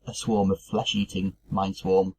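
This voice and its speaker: A man's voice: deep voice, level tone, a little slow, mellow, a little hiss or hum, low-quality recording. A man co-hosting a podcast, thinking aloud casually with fillers and restarts. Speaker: podcast co-host. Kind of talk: casual chat.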